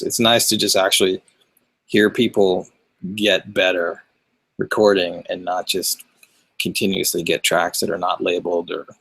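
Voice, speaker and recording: Low gravelly husky man, dry close mic. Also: a bit bright, rough recording. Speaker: record producer and mix engineer. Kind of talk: relaxed interview talk.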